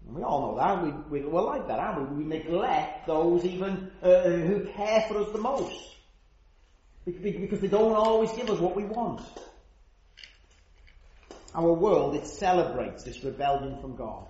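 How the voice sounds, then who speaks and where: A man's voice: high-pitched, expressive, moderate pace. A man preaching an earnest sermon, stressing his points and asking rhetorical questions. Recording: roomy, dull church recording.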